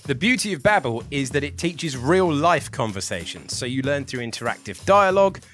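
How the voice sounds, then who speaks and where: A man co-hosting a sports podcast, enthusiastic, also reading an ad. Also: mid-range voice. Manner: lively, enthusiastic. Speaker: podcast co-host.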